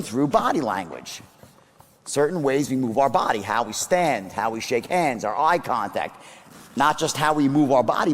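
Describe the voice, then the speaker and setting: A man's voice: fairly high pitch, long reverb tail. A man giving a sales seminar to a live audience, speaking emphatically and quizzing the crowd.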